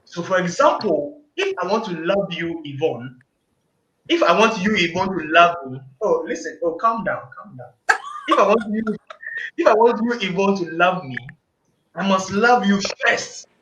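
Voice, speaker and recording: A man with a high, bright voice that rings out, preaching his points with insistent repetition. He is recorded in an echoey room, and the sound is dull and lo-fi. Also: expressive, moderate pace, slight background noise. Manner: emphatic, preachy, repeats phrases for emphasis. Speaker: panel guest. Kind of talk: casual group discussion.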